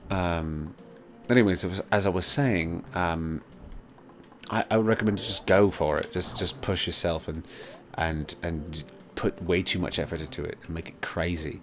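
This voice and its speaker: A man's voice: sits low, steady tone, measured pace, slight background noise. A man hosting a casual let's play, rambling with lots of fillers and swearing. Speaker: gaming channel host.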